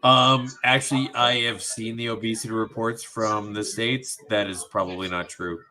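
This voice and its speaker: Joking guy cohosting a stream, bright punchy voice, teasing the guest. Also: fairly low pitch, fairly even intonation, moderate pace, rough recording. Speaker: livestream co-host. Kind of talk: casual livestream chat.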